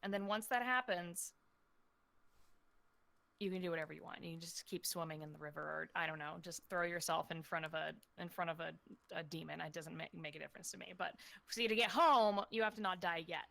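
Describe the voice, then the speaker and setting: A woman's voice: on the low side, brisk, creaky, fairly bright tone. Playful woman playing a tabletop game. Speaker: player.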